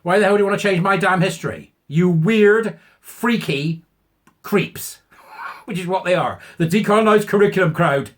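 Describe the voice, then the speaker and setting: A man's voice: sits high, moderate pace. An English man ranting in sarcastic, mocking commentary and laughing at his own jokes. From England. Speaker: online commentator.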